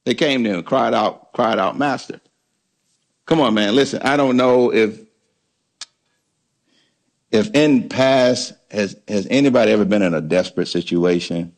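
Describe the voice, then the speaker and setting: A man's voice: medium pitch, animated, normal speed, long pauses, darkish tone. A man preaching a sermon, stressing points by repeating words and asking the congregation questions. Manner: emphatic preaching with call-and-response questions. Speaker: pastor.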